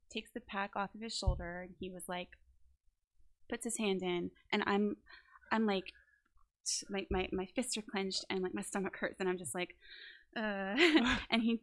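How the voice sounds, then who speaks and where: A woman telling a story on a podcast in an ordinary, mid-pitched voice. She talks in a casual, animated way, acting out what people said and laughing as she goes. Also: normal speed. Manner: animated storyteller, acts out quotes, laughs often. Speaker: actor guest. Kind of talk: casual anecdote. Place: New Orleans.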